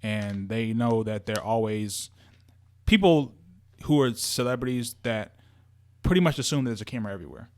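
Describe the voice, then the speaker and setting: A man co-hosting a podcast in casual chat, animated and repeating himself with many fillers. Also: medium pitch, normal speed. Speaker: podcast co-host.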